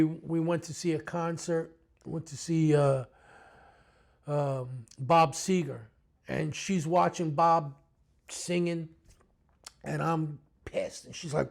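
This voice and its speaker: Gravelly, blunt New York man. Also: fairly high pitch. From the Bronx, New York. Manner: blunt, profane, animated street-tough storyteller. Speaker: retired police detective, interview guest. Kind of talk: storytelling interview talk.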